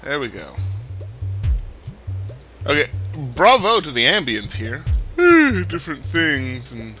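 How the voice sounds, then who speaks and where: With background music behind him, a let's play host talks through his gameplay in a loose, rambling style, cracking jokes and mocking himself. His mid-range voice is very animated, though his pace is a little slow.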